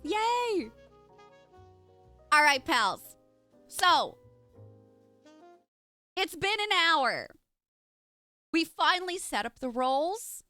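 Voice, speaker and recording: A woman's voice: sits high, very animated, takes it slowly, long pauses, pushed and bright, no room sound, soft background music. A young adult woman streaming live, chatting casually and greeting viewers by name in a bubbly way.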